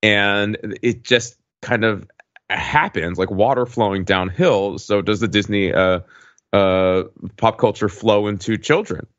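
A low-voiced man in his forties talks loosely on a podcast, circling his points with fillers and restarts. His voice sits dry and close on a slightly dull, lo-fi mic. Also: unhurried, a bit bright, no echo. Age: 40s. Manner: rambling, heavy with fillers and restarts. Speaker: podcast host. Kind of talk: casual chat.

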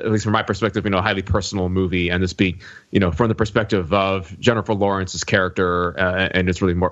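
Low-voiced man musing with fillers. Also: a bit bright, dull audio. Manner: thoughtful, filler-heavy. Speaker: podcast co-host. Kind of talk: casual chat.

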